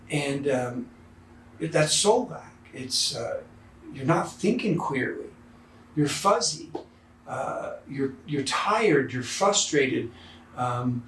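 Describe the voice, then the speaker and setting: A man's voice: medium pitch, lively intonation, slow, fairly bright tone, roomy sound, distant mic, a little hiss or hum. A male priest giving a sermon in a conversational storytelling way with fillers, in a church.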